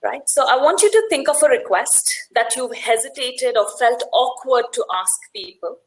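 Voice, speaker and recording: A woman with a fairly high, animated voice leads a networking workshop at a normal speed, captured on a rough recording. She talks conversationally and tells stories, often adding "right?" and briefly mimicking the voices of people in them.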